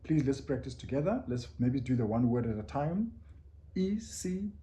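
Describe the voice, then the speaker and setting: A man leads a pronunciation lesson at an everyday mid pitch. He is patient and repetitive, sounding out words slowly syllable by syllable and asking listeners to say them with him. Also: sing-song, dark tone, slight background noise. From South Africa. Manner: patient, drills words syllable by syllable with many repeats; invites listeners to repeat along. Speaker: language teacher.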